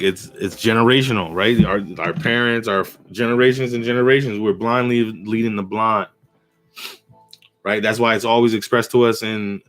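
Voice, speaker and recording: A man's voice: medium pitch, fairly bright tone. Rambling man preaching casually to camera. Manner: rambling storyteller, asks "right?" often. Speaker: video host.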